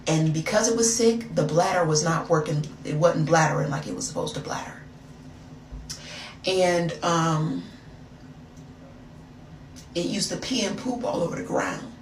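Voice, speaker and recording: A woman's voice: on the low side, a little slow, pauses often. A young woman vlogger telling a story in a casual, chatty way with sassy asides. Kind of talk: storytime vlog. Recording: echoey room, far from mic, noisy.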